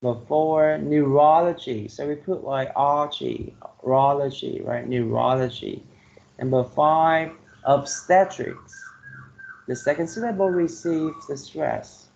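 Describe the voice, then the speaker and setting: Slow gravelly Vietnamese-accented male teacher. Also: a little high, darkish tone, highs cut off. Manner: slow, repeats "okay" and "right?" to check understanding. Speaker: English teacher. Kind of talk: online class lecture.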